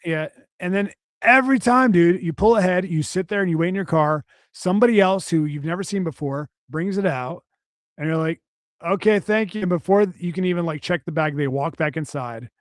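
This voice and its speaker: A man's voice: sits high, a little fast, no echo, clean studio sound. A man co-hosting a casual podcast, ranting and cursing with lots of restarts. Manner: profane, ranting, rambling with restarts. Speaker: podcast co-host.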